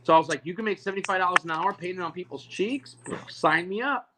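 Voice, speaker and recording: Fast-talking and high-voiced, this balloon-artist guest chats on a video call against a noisy background. He acts out the quoted voices in his tales with lots of energy, tripping over himself on restarts.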